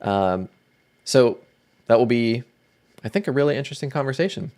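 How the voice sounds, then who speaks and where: A man hosts a relaxed livestream from his desk mic. His voice sits at a middle pitch, and he chats loosely with viewers, greeting them by name. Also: normal speed. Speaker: livestream host. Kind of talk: casual livestream chat.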